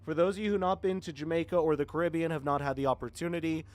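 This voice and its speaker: A man in his twenties from Florida chats casually with live stream viewers in a slightly high, fairly even voice at a quick pace. He rambles and thanks people often, with faint horror music in the background.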